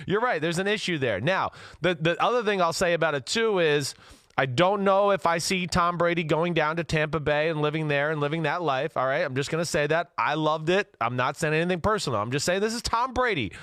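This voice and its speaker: A man's voice: a little high, fairly quick, a bit bright, dry recording. Rambling man talking football. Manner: rambling, lots of fillers and restarts. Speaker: co-host, former quarterback. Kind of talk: casual sports chat.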